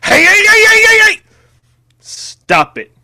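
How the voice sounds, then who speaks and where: A man's voice: very high voice, huge pitch swings, slow, sharp tone, voice pushed up, full character voice. A man voicing a hysterical grown man who shrieks in panic. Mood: frantic. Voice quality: shrieking, wailing.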